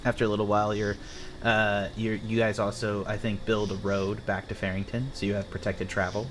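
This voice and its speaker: A man narrating as game master of a tabletop game, rambling with quick asides. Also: lowish voice, level tone, fairly bright tone, a little hiss or hum.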